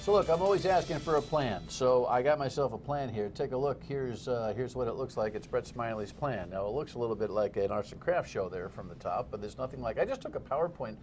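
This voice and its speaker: A man's voice: medium pitch, lively intonation, brisk, hardly any pauses, a little mellow, soft background music. A man hosting a TV commentary segment, talking in a blunt, sarcastic, conversational way. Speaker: TV host and commentator. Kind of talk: opinionated TV commentary. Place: TV studio. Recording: faint background noise.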